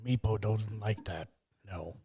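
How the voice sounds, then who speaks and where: A man's voice: fairly low pitch, steady tone, measured pace, mellow, slightly rough, dry recording. A man voicing a timid male kobold who talks in broken speech and calls himself by name in the third person. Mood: earnest.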